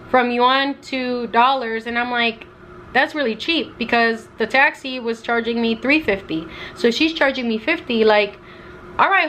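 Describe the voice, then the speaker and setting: Bright-voiced young woman telling a story. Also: a little high, slight background noise. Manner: animated, acts out quotes with lots of "like". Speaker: travel vlogger. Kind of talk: casual storytelling to camera.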